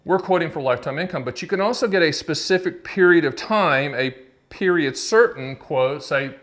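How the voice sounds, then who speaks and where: A man's voice: fairly high pitch, normal speed, a bit bright. A man in his fifties hosting his own annuity explainer video, chatty and joking, teasing his producer off camera and drifting into digressions. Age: 50s. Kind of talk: casual direct-to-camera explainer.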